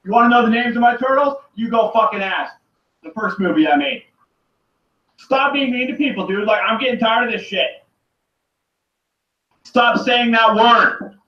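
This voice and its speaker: A man on his own, in an angry and rambling rant full of swearing that keeps circling back and sometimes breaks into shouting. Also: very high-pitched, lively intonation, brisk. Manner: profane, rambling and repetitive, often shouting. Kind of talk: angry solo rant to camera. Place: room by a running turtle tank. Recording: echoey, distant, dull lo-fi. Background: running water.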